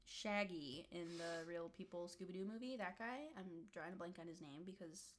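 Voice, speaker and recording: A woman's voice: lowish voice, moderate pace. A young woman chatting casually about horror movies, rambling with lots of fillers and laughs. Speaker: podcast co-host. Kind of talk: casual chat.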